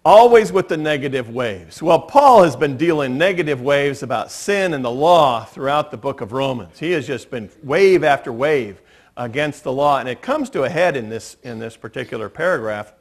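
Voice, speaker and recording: Lively, animated male pastor preaching. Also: fairly high pitch. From United States. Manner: conversational, anecdotal preaching with light humor. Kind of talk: sermon. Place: church sanctuary.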